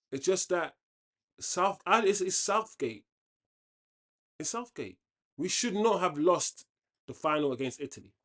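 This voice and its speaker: A man hosting a football watchalong, talking casually and giving opinionated commentary with frequent restarts. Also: high-pitched. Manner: chatty, opinionated, often restarts sentences. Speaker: watchalong host.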